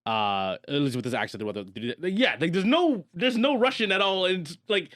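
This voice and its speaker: A man co-hosting a podcast, chatting casually through a movie recap, animated and laughing often. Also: normal speed, no echo, clean studio sound. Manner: animated, laughs often, jumps higher when excited. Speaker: podcast co-host.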